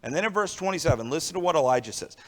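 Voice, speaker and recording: A man's voice: on the high side, animated, racing. A young adult man preaching a sermon in a conversational way, often checking in with his listeners. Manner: conversational preaching with frequent "all right" and "right?".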